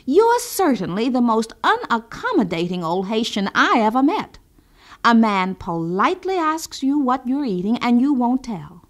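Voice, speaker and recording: A woman's voice: fairly high pitch, big pitch swings, moderate pace. Woman voicing Uncle Bouqui, sly hungry trickster. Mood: irritated. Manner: polite, then irritable and impatient. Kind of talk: storybook reading.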